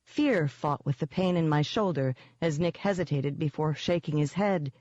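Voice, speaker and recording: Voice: mid-range voice, normal speed, darkish tone, dry recording. Audiobook narrator with a dry, dull sound. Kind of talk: first-person novel narration.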